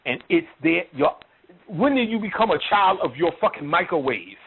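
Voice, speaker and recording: A man's voice: high-pitched, very animated, normal speed, vocal fry, breathy edge. A man giving a blunt, mocking spiritual lecture full of profanity and street slang. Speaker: lecturer on occult and spiritual topics. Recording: tinny phone-like line with faint noise.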